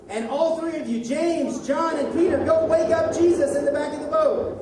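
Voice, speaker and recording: Woman children's ministry teacher, high pitch, animated and coaxing, distant in a reverberant hall with kids around. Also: moderate pace, background noise. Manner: animated, coaxing, prompts lines for children to repeat. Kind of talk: directing a children's Bible skit. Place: large echoey church hall with children. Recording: echoey hall, distant mic, children chattering.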